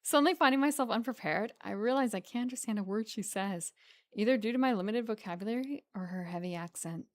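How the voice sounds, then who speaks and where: A woman's voice: medium pitch, fast talker. A woman streamer reading a visual novel aloud and commenting between lines in a casual way.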